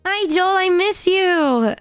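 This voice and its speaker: A high-pitched woman streamer with a hoarse, worn-out voice, chatting animatedly and laughing as she tells a story. Her voice is close and dry on the mic, with soft music playing underneath. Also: animated, takes it slowly, dry recording. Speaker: VTuber streamer. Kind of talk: casual livestream chat.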